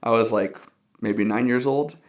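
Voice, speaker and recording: A man's voice: medium pitch, measured pace. A young man from the Dallas area, a guest musician in a casual podcast conversation, telling personal stories earnestly with quoted asides and laughs.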